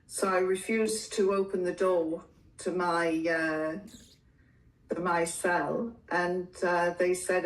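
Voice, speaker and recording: An older woman from England, a guest in an interview, telling her story in a slow, measured way with the odd laugh. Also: fairly low pitch, fairly even intonation, roomy sound, distant mic, poor audio.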